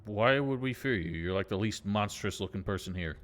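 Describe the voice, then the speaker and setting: A man's voice: on the low side, expressive, a little fast, a bit bright, soft background music. A man streaming a game, rambling casually with wry asides. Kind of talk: casual gameplay commentary.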